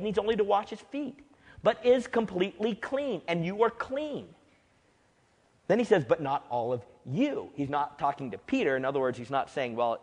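Guy pastor giving a sermon, emphatic, goes hushed then loud, church with a long echo. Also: on the high side. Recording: long hall reverb.

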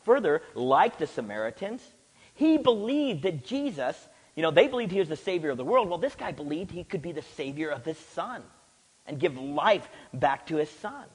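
A man preaching a sermon, teaching through a scripture passage with animated delivery and acted-out quotes. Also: on the high side, normal speed, husky. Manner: animated, acts out quoted voices. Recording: long hall reverb.

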